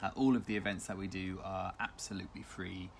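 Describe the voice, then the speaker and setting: A man's voice: low voice, little pitch movement, a little fast, vocal fry, a little hiss or hum. An English man co-hosting a community radio show in casual chat, tipsy, giggly and playful as he reads out event listings.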